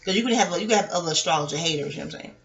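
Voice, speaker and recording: A woman's voice: fairly low pitch, very fast, dull audio, a little hiss or hum. A woman vlogger at home, talking in a rambling casual monologue full of profanity and laughter as she reviews reality TV. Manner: profane, animated ranting with frequent laughs.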